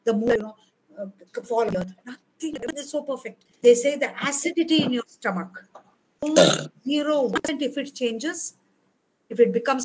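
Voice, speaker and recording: An older woman from India, her voice sitting high, preaches a sermon against a noisy background. She talks conversationally, often repeating and rephrasing herself, and acts out prayers by quoting them aloud.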